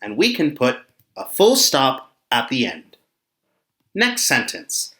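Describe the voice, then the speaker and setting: A teacher speaks at an unhurried pace, drawing each phrase out for learners. The voice rises and falls a great deal, acting out example sentences with feeling. The sound rings a little, as in an echoey room. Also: mid-range voice, huge pitch swings, a bit bright. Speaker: English teacher. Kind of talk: slow, expressive classroom explanation.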